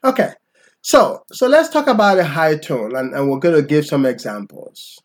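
A man teaching tones in a relaxed, conversational lesson, patiently checking in with okay? after each point. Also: fairly high pitch, moderate pace. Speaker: language teacher.

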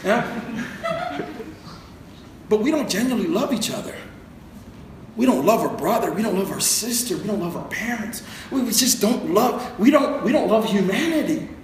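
A man's voice: high voice, lively intonation, brisk. A man preaching a sermon in a conversational, joking way, asking the congregation to repeat words. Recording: very echoey room with faint noise.

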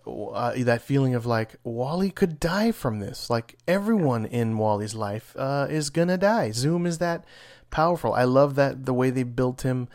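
A man's voice: medium pitch, animated, moderate pace, a little mellow. A man co-hosting a casual podcast chat, reacting with enthusiasm and shock to comic book events.

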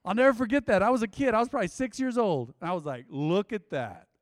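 Casting: male preacher in his fifties, high voice, chatty call-and-response sermon, close dry mic with a long hall tail. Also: big pitch swings, racing. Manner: call-and-response, conversational, asks congregation to repeat. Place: church sanctuary.

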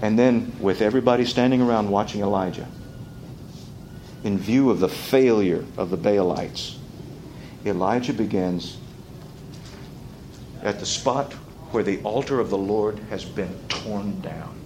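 A man preaching an expository sermon, dropping quiet and then rising loud and mocking as he acts out quoted taunts. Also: on the low side, unhurried, long pauses, slight background noise, low-quality recording.

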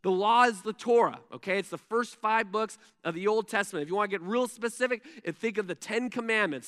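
A man preaching a sermon as pastor, conversational, swinging between loud emphasis and hushed intensity. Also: sits high, normal speed, hardly any pauses. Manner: conversational asides with "right?" and "like".

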